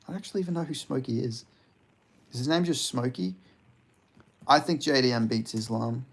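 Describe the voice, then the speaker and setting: Streamer: a man with a creaky, gravelly voice, profane and rambling, reading chat aloud. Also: mid-range voice, fairly quick. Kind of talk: casual live-stream chat.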